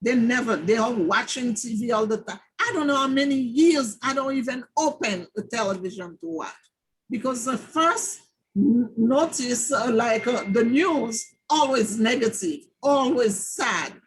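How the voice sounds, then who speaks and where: A middle-aged woman co-presenting informally, animated and acting out the quoted exchanges in her stories. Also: fairly high pitch, a little slow, slight background noise, low-quality recording.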